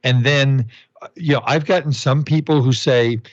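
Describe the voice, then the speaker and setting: A man's voice: mid-range voice, steady tone, moderate pace, no echo, dull audio. Conversational male interview host. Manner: conversational, affirming. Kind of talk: podcast interview.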